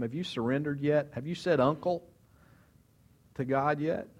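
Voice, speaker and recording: A man's voice: mid-range voice, steady tone, normal speed. A man preaching a sermon, telling stories with animation, asking rhetorical questions and acting out quotes. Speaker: pastor.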